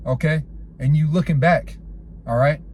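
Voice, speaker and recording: A man's voice: on the high side, fairly even intonation, moderate pace, darkish tone, a little hiss or hum. A man preaching an informal sermon, quoting scripture and telling street stories, filling his talk with "all right" and "man". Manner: casual slangy storytelling.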